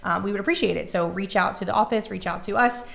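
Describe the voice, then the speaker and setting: A middle-aged woman co-hosts a casual podcast, talking quickly with a gravelly edge. She tells stories warmly and laughs often. Her pitch sits in an ordinary middle range. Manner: chatty, laughs often, storytelling. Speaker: podcast co-host. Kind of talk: casual chat.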